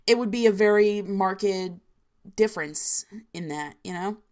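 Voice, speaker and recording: A woman's voice: medium pitch, measured pace, darkish tone. Chatty New Jersey woman podcaster. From New Jersey, USA. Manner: rambling, filler-heavy, chatty. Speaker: podcast host. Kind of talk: casual solo podcast chat.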